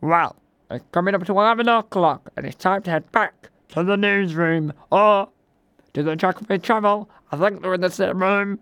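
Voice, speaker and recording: High-voiced man hosting a mock radio show. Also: moderate pace, a bit bright, clear, resonant tone, no echo. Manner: rambling, chatty and self-deprecating. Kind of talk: comic mock radio presenting.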